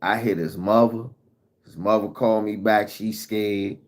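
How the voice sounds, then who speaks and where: Low-voiced man telling a frantic story. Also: a little slow. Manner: animated storytelling with heavy profanity. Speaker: vlogger. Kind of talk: casual storytime.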